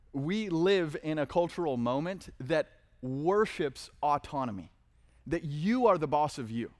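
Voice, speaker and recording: A man preaching a conversational sermon, reading verses with dramatic emphasis. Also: a little high. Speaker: pastor.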